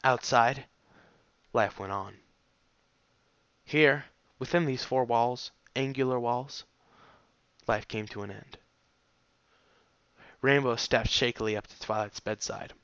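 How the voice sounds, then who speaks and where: A man's voice: medium pitch, takes it slowly, pauses often, fairly bright tone, clean tone, no echo, dull audio. A man steadily reading a fan fiction story aloud as its narrator.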